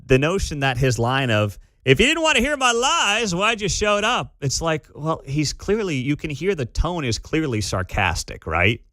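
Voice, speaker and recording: A man's voice: mid-range voice, dry recording. Talk radio guy riffing on the news, mid voice, dry studio mic. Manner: animated, opinionated, quick laughs. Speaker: radio host. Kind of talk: morning talk radio commentary. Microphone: studio microphone.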